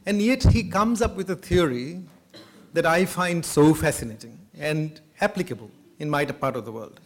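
A man from Bengal, giving an academic lecture with a reflective manner and occasional soft laughs. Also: a little high, moderate pace. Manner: thoughtful, laughs between points.

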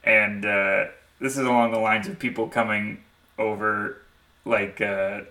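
A man co-hosting a podcast in casual chat, reacting with laughs and telling unhurried stories. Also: lowish voice, level tone, bright, forceful tone, far from the mic. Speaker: podcast co-host.

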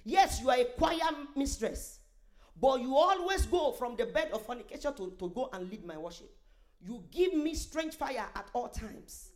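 Woman doing a stern divine judge, slow and solemn, bright high voice. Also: lively intonation, soft background music. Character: stern male divine judge rebuking a sinner.

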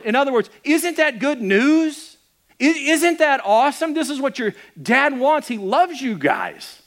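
A man's voice: very high voice, a little slow. A middle-aged man preaching a sermon as a pastor, telling the story conversationally and acting out the people in it, with frequent restarts. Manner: animated storytelling with acted-out quotes.

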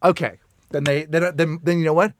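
A man's voice: on the high side, fairly even intonation, a little fast, slight background noise. A man co-hosting a comedy podcast, chatting casually and riffing with silly noises and giggles. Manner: playful, giggly, fond of silly noises and riffs. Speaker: podcast co-host.

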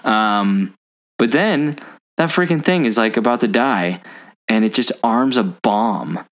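A man's voice: mid-range voice, lively intonation, unhurried. A man hosting a casual movie-discussion podcast, chatty and rambling with lots of fillers. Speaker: podcast host.

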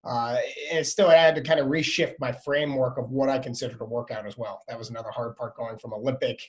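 A man in his thirties chatting as a podcast guest, telling animated stories and acting out his toddler. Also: mid-range voice, quick pace. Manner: animated storytelling, acts out his son. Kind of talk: casual interview chat.

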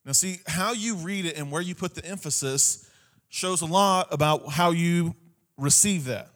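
High-voiced man preaching a sermon. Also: moderate pace, a bit bright. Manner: preaching with repeated phrases and frequent "Amen?" to the congregation. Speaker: pastor.

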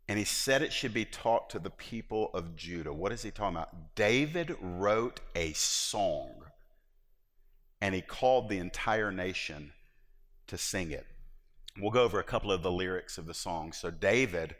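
A male pastor preaching a sermon in a lively, conversational way, with joking asides to the congregation, and he jumps into high, excited voices when he acts out a story. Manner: animated, jumps into high voices acting out David. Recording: long reverb of a large hall.

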